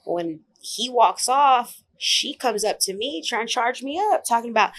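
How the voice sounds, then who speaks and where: A woman comedian telling a story in a casual interview, blunt and profane, animated as she talks. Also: a little high, a little slow. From Oak Cliff, Dallas area, Texas. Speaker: comedian guest.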